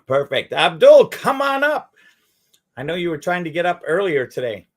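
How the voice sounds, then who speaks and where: A man's voice: on the high side, expressive, fairly quick. A man hosting an online chat room, upbeat and affirming as he brings speakers up. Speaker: host. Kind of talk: casual chat in an audio room.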